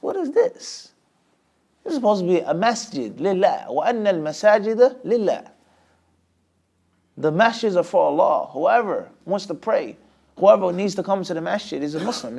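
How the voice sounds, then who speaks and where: A man teaching an Islamic lesson, often asking a rhetorical question and answering it himself, with sudden swings between loud and quiet. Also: a little high, gravelly. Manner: lively, with many sudden rises and drops in loudness. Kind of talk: lecture class.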